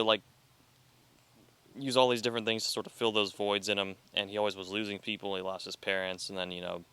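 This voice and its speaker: Young man, bright tone, crisp voice, casual chat, acts out movie lines. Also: on the low side. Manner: animated storyteller, quotes movie lines. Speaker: podcast co-host.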